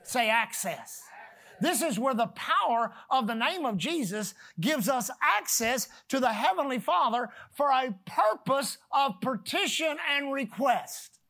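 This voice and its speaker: A preacher delivering a sermon with emphatic swings from shouting to hushed tones, reading scripture slowly and calling on the congregation to repeat words. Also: sits high, lively intonation. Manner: reads scripture slowly and deliberately.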